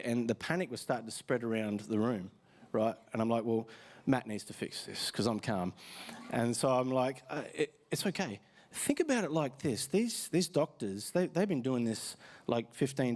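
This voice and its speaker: On a church stage, a tired Australian pastor gives a casual, story-filled sermon, stumbling through many fillers and restarts. He has a mid-range, darkish voice.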